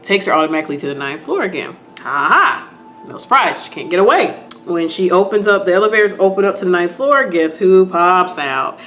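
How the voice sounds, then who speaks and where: A woman vlogger retelling a TV episode to her viewers in a casual, animated way while doing her makeup. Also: lowish voice, fast, hardly any pauses. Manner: animated, talks to viewers, acts out scenes.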